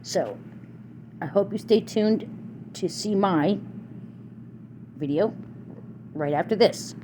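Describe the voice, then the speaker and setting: A woman's voice: mid-range voice, takes it slowly, warm tone, slight background noise. A woman giving casual, slangy reaction commentary as a YouTube host. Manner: slangy, chatty and direct.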